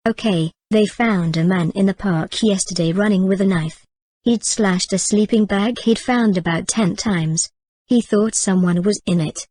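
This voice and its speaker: A woman's voice: mid-range voice, unhurried, a little mellow, close to an everyday voice. A woman voicing a chatty, kind young woman who has taken in a girl, in a storybook reading.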